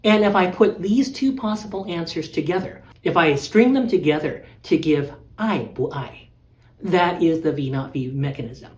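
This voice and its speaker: A man's voice: fairly high pitch, normal speed. Man lecturing patiently in an echoey room. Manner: patient, methodical, stresses key words. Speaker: language teacher. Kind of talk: explanatory lecture.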